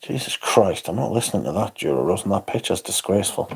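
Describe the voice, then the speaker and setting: A man's voice: deep voice, animated, fast, vocal fry, slightly rough. A man hosting a livestream, chatting casually and rambling through viewer comments with frequent chuckles and the odd swear word. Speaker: livestream host.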